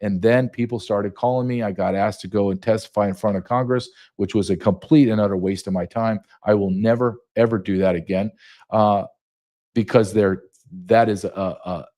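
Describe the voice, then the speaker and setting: A man's voice: on the low side, moderate pace, dark tone. Indignant man telling a story. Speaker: guest, retired border patrol agent. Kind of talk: heated podcast interview.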